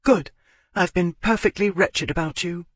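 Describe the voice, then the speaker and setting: A man's voice: sits high, moderate pace, dry recording, voice pushed up. A man voicing a spirited, impulsive young country woman in an audiobook, raising his voice into her earnest, wavering pleas. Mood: pleading. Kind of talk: audiobook character voice.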